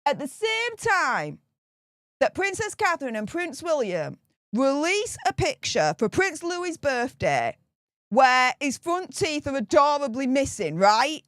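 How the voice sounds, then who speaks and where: Brief: sarcastic British woman vlogger, higher pitch, dry, close recording. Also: takes it slowly, no room sound. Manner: sarcastic, animated. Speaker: commentary vlogger. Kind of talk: casual commentary.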